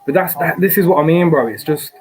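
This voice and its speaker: A man's voice: fairly high pitch, fast. A man with a Scottish accent, co-hosting a casual chat while watching a live fight, swearing freely and rambling. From Scotland. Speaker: podcast co-host. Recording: noisy background hiss.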